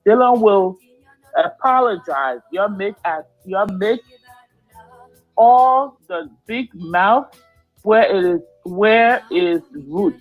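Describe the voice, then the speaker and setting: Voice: mid-range voice, lively intonation, slow, phone-quality sound, faint music behind. A radio host, reading out listener comments live on air.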